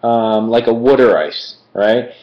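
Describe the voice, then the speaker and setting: A Philadelphia man reviews food on a casual live stream, chatty and rambling, with lots of fillers and digressions. His voice is mid-range and measured, and the stream audio sounds dull and lo-fi in an echoey room.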